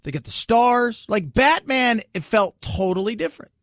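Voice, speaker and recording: A man's voice: very high voice, lively intonation, moderate pace, fairly bright tone, no echo, studio quality. A man hosting a talk radio show, chatty and opinionated, joking as he goes.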